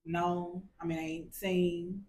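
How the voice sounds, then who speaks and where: A woman co-hosting a casual marriage chat, animated and getting louder when she's passionate. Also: fairly low pitch, slow, a little hiss or hum. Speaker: podcast co-host. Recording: roomy echo.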